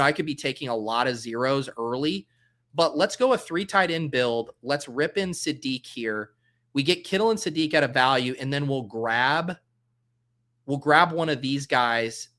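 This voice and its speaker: A man's voice: mid-range voice, fairly bright tone. A man hosting a casual livestream, thinking aloud as he drafts and answering chat comments in a loose, joking way. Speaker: livestream host drafting fantasy football.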